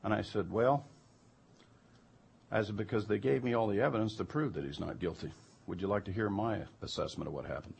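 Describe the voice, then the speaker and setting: A man's voice: fairly low pitch, fairly quick, gravelly, a little mellow, breathy edge. A man telling a personal anecdote in an emphatic way that turns heated and incredulous. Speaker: storyteller recounting jury duty.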